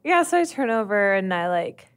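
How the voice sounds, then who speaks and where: Excitable, giggly woman player. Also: medium pitch, normal speed, clean tone. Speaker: tabletop game player. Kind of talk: casual in-character play.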